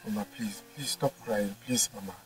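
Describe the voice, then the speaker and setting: A man's voice: fairly low pitch, moderate pace, heavy background noise, natural voice. A man playing an earnest young Nigerian villager. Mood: pleading. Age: young adult. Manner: pleading, repeats himself. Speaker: son. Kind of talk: film drama acting. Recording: distant mic with faint music.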